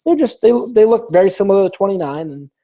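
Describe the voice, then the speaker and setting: A man's voice: high voice, lively intonation, fast talker, mellow. A man hosting a casual live-stream Q&A, reading viewer questions aloud and rambling through his answers with many restarts.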